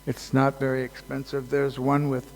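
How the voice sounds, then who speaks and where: A man giving a casual devotional talk at a festival, halting and joking, with many fillers. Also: mid-range voice, monotone. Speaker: speaker at a temple festival. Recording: long hall reverb.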